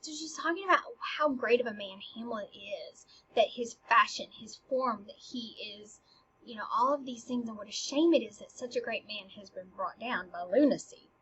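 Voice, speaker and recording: A woman casually explaining a play scene by scene. Her delivery is animated and swings between emphatic and hushed. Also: on the high side, moderate pace, slightly rough, muffled recording.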